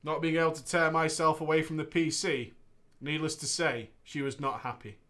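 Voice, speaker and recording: A man co-hosting a casual podcast reads a gaming story aloud in a voice on the high side, at an ordinary speed. He's expressive and playful, bantering and laughing frequently.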